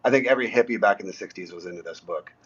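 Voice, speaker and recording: A male musician guest talking casually about his songs in an easygoing, halting way, full of ums. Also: fairly low pitch, muffled recording, a crowd in the background. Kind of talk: casual interview talk.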